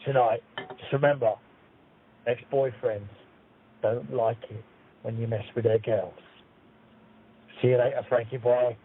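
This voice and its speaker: Man doing a put-on Cockney ex-boyfriend, husky, mumbly, menacing, heard over a phone line. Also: medium pitch, flat delivery, unhurried, pauses often. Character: threatening male Cockney caller, angry ex-boyfriend. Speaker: prank caller.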